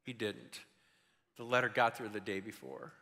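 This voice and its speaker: A man in his sixties preaching a sermon, telling stories in an animated way that swings from loud to hushed. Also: fairly low pitch, normal speed, in a large hall. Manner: animated storytelling, shifting between loud and hushed.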